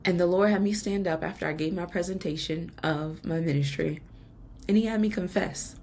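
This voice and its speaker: A woman's voice: fairly low pitch, normal speed, vocal fry, a little mellow. A woman podcast host giving an earnest, emotional personal faith testimony, laughing now and then between lines.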